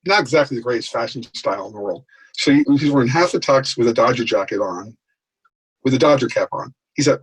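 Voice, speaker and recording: A man telling lively anecdotes as a guest in an interview, acting out the people in his stories. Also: mid-range voice, breathy edge, low-quality recording. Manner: animated anecdote telling, acts out quoted voices. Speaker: guest, author. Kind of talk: storytelling in a podcast interview.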